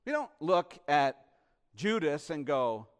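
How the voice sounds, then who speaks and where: A male pastor delivering an impassioned sermon, swinging between loud emphasis and hushed asides and posing rhetorical questions to the congregation. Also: a little high, big pitch swings, slow pace, clear, resonant tone.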